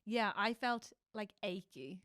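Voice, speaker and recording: A woman co-hosting a casual comedy podcast, talking with animated emotion. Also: mid-range voice, takes it slowly, dry recording, clean studio sound. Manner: animated, emotional, acts out characters' lines. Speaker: podcast co-host.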